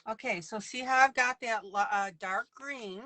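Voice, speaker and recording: A woman's voice: fairly high pitch, moderate pace, bright, forceful tone, dry recording, rough recording. A woman leading a casual live coloring lesson, chatty and playful, laughing often as she works. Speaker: online coloring teacher.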